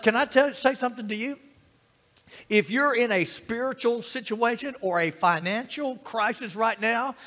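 Animated high-pitched preacher man. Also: long reverb tail. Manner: animated preaching with rhetorical questions and calls for amen. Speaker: pastor. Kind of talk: sermon.

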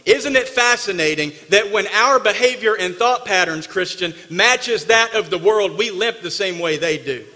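A man preaching a sermon from the pulpit, emphatic and dramatic, dropping from loud bursts to hushed asides. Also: sits high, animated, moderate pace, few pauses, in a large hall. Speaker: pastor. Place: church sanctuary.

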